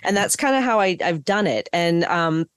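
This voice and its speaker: A woman voice actor chatting casually on a podcast, animated and laughing often. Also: on the low side, normal speed, clean tone, no room sound, studio quality. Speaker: voice actor on the show.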